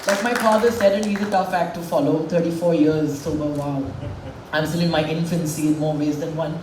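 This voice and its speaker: A woman's voice: low-pitched, fairly even intonation, a little fast, background noise. Woman in her forties, candid and emotional public speech, heard from a distance in a roomy hall. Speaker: speaker at a public event. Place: event hall with a stage. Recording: echoey hall, voice from far off.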